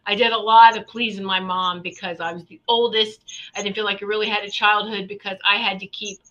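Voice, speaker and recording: A woman guest on a podcast, telling a personal story in an animated way and acting out the people in it. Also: medium pitch, a little fast, dull audio. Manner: animated storyteller who acts out the people in her stories. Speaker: guest, spiritual healer.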